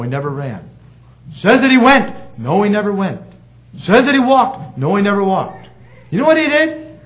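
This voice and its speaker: A man preaching with a high voice that rises and falls dramatically. He moves from emphatic, ringing calls to near-hushed softness, and his intonation is vividly animated throughout the sermon. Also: low-quality recording. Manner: dramatic, swinging between emphatic calls and hushed soft passages.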